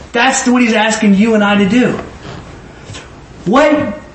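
A middle-aged man giving informal Bible teaching, swinging from low musing to high emotional exclamations. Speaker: preacher. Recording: echoey room, mic at a distance, faint ambient noise.

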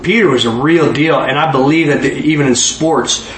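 A man preaching a sermon in an animated way, acting out dialogue in voices and laughing often. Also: fairly high pitch, moderate pace, a little hiss or hum. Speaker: pastor. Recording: echoey room with faint ambience.

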